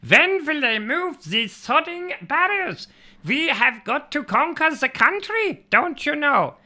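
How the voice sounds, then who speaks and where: A man voicing a pompous, blustering old German tank commander, high and indignant. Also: big pitch swings, slow, pushed and bright, full character voice.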